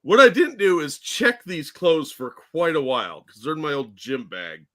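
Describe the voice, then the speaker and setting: A man co-hosting a casual podcast, spinning a rambling, self-deprecating story. His voice sits fairly high and bright and swings through an animated range. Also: normal speed. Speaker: co-host.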